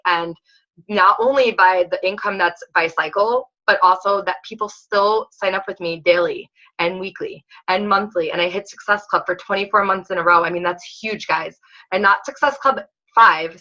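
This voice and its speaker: A woman health coach giving a motivational talk to her team, telling excited stories, acting out quotes, and filling her speech with "like.". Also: lowish voice, moderate pace, muffled recording. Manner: excitable storyteller, acts out quotes, many "like"s, casual swearing.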